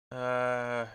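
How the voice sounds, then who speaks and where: Man, young, football watch-along host, bright forceful voice, chatty live commentary. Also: mid-range voice, clear, resonant tone. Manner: chatty, reads out viewer comments, excitable at chances.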